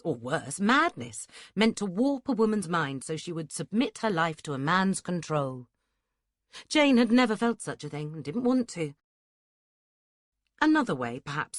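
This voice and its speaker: A woman with a fairly low voice reads a historical romance audiobook as scripted narration. Her storytelling is measured and even. The recording is dry, with clean studio sound.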